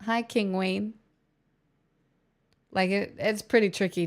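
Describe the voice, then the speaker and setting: Australian woman streamer, gravelly fry in the voice, casual chat replying to viewers. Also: mid-range voice, steady tone, moderate pace. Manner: chatty, answers chat messages, rambling restarts. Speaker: livestreamer.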